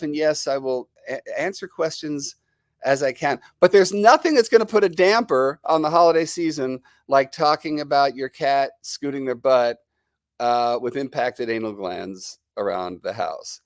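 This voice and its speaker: A man's voice: mid-range voice, moderate pace, no room sound, studio quality. Chatty New Jersey man with a cold. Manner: chatty and rambling, greeting viewers. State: has a lingering cold. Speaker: livestream host. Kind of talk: casual live-stream chat.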